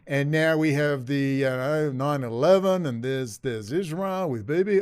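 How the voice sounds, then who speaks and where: A man's voice: on the high side, moderate pace, hardly any pauses, darkish tone, smooth, no echo. A man hosting a commentary channel, ranting sarcastically over news clips and swearing often. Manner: sarcastic, swearing, mock-frightened asides.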